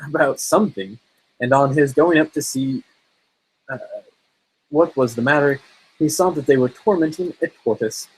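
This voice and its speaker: A man reading fairy tales aloud in a relaxed, informal way, sometimes stumbling over words and joking between lines. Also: fairly high pitch, normal speed, long pauses, slightly rough, rough recording. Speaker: storybook reader.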